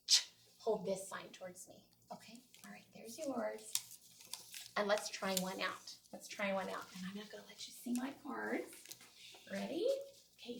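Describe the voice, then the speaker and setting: A woman teacher runs a small-group phonics lesson, modeling each sound slowly and clearly. Her voice has a gravelly, fry-tinged edge. She sits some way from the mic, with faint noise underneath. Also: mid-range voice, far from the mic.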